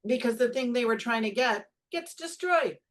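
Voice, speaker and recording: A woman's voice: a little high, lively intonation, moderate pace. A woman rambling through a wry, exasperated account in a casual fan chat. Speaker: panelist.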